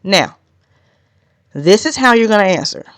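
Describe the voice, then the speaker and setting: Woman podcast host, consultant, casual and direct, mid-pitched voice, dry close mic. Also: animated, unhurried, no echo. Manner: chatty and direct, with laughs and asides. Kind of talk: casual solo podcast teaching.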